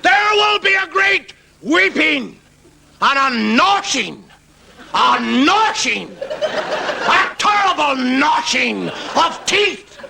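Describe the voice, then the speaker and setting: Hellfire preacher, high shrill shouting, slow dragged words. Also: male voice, sing-song, vocal fry, slight background noise, exaggerated voice. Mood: thundering. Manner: bellowing, drawn-out sermon cadence. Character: fiery, thundering male hellfire preacher.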